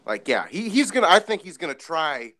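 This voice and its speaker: A man co-hosting a casual boxing podcast, loud and rowdy with frequent laughter. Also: a little high, big pitch swings, a little fast. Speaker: podcast co-host.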